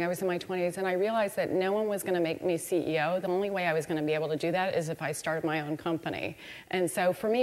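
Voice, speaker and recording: A woman's voice: on the low side, a little mellow. Direct woman speaking in a reverberant hall. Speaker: company CEO on a panel. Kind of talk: panel discussion answer. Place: conference stage.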